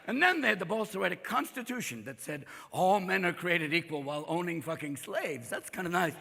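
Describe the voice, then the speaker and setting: Manic, high, gravelly male stand-up comic. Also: expressive, pushed and bright, long reverb tail, slight background noise. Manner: rapid-fire, manic, profane, constant character voices. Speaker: stand-up comedian. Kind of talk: stand-up comedy set. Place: live comedy venue with audience. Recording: live show, faint crowd and ambience.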